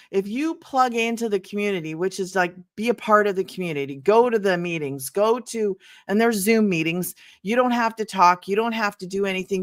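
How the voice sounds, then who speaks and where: An older woman hosting a casual livestream, chatty and excitable, greeting viewers by name and laughing often. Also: medium pitch. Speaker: livestream host selling online business programs.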